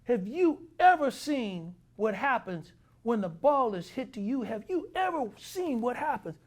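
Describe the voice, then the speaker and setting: A man impersonating a furious, foul-mouthed older baseball manager who scolds his team in a loud, gravelly voice. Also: extremely high pitch, very animated, a little slow, voice pushed up, heavily acted. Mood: ranting. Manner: yelling, scolding.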